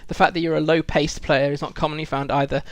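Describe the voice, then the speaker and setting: Chatty British man, slightly high voice. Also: level tone, quick pace, no echo. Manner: reflective and chatty, with frequent ums and restarts. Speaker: game streamer. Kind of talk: casual live-stream chat while playing.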